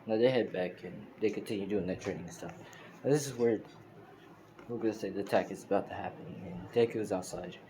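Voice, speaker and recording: Brief: low-voiced man, rambling fan-story narration, noisy phone recording. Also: brisk, dark tone. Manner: loose, filler-heavy retelling.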